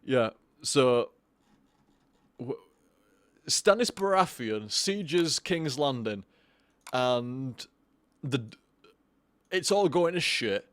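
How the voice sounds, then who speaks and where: A man's voice: medium pitch, animated, extremely slow, long pauses, fairly bright tone, dry recording. Drunk, rambling, sweary male streamer. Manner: rambling, sweary, stammers and repeats himself. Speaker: game streamer. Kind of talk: live stream chat.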